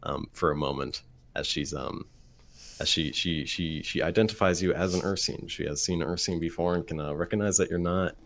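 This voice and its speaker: A man narrating as game master of a tabletop game, halting with many fillers and restarts. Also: deep voice, fairly even intonation, fairly bright tone.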